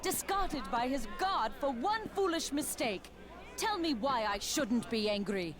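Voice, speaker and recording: A woman's voice: high-pitched, lively intonation, measured pace, a faint crowd. An actress playing a grieving, angry female paladin of justice who speaks in a solemn, bitter, questioning way. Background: game music.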